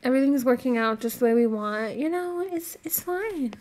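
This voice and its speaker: A woman's voice: high voice, expressive, moderate pace, darkish tone, a little hiss or hum. A woman hosting her gaming channel, reacting with dramatic, profane, exaggerated outbursts during casual game commentary.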